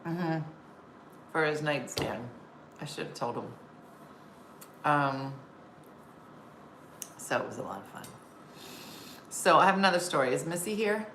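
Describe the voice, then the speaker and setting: A woman's voice: low-pitched, lively intonation, measured pace, long pauses, fairly bright tone. A woman comedian hosting a casual live-stream chat, telling stories and reading viewer comments aloud. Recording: roomy sound with faint background noise.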